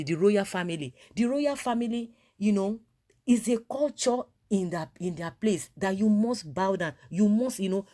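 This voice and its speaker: A woman's voice: medium pitch, darkish tone. A woman with a Nigerian accent talking through her opinions casually, rambling with many fillers and restarts.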